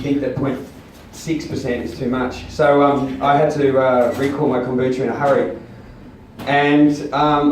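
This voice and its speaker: A man's voice: mid-range voice, darkish tone, slight background noise. A man doing stand-up, rambling through a crude, self-mocking story with many ums and uhs. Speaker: stand-up comedian. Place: small comedy venue, audience laughing. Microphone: far camera. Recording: echoey room, taped from far off.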